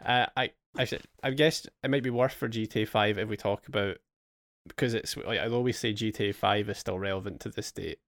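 A young man with a lowish voice hosts a casual gaming podcast. He tells long relaxed stories and swears freely. The sound is dry and close. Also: a little fast, dry recording. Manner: relaxed storytelling, swears, acts out his past excitement. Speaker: podcast host. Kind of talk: casual chat.

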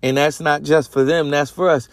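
A man's voice: on the high side, fairly even intonation, moderate pace, dry recording. A man hosting a podcast, teaching the Bible in a casual, rambling way with lots of slang and self-corrections. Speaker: podcast host.

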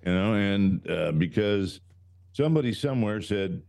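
Deep, lively man co-hosting a talk show. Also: moderate pace, vocal fry. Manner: animated, emphatic, trails off and restarts. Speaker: podcast co-host. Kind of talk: casual talk show chat.

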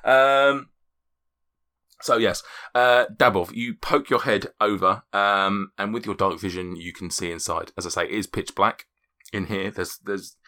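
A man's voice: deep voice, pushed and bright. A man narrating a tabletop game as game master, often stumbling and restarting. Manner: halting, many restarts.

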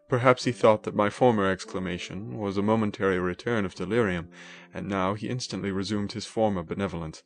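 A low-voiced man gives a dramatic, emotive first-person reading of a classic novel. Faint music sits under his narration. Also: brisk. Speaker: audiobook narrator.

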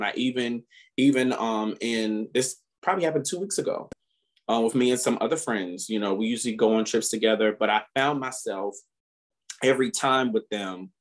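A man co-hosting a podcast, chatting casually and telling stories animatedly, often laughing and rising in pitch when indignant. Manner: animated storytelling with frequent laughter. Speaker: podcast co-host. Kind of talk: casual chat.

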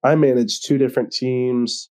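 A man's voice: medium pitch, fairly even intonation, normal speed, darkish tone. A man co-hosting a podcast, chatting casually and trading teasing jokes. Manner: joking, teasing banter. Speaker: podcast co-host. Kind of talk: casual chat.

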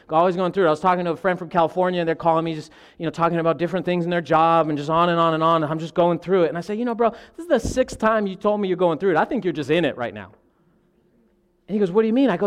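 A man, animated and lively, and calls the congregation "y'all." His voice sits high for a man. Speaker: pastor. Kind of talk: sermon.

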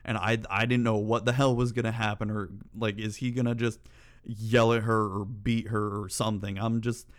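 A man's voice: lowish voice, level tone, moderate pace. A man telling stories to camera in a casual, rambling way, often swearing and ranting in exasperation. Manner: rambling and profane, with exasperated rants. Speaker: channel host.

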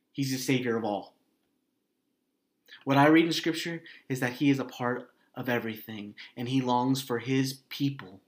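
A man preaching as a pastor, earnest and emotional, pausing often and dropping his voice soft and low. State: grieving, voice heavy with hurt. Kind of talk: sermon and prayer.

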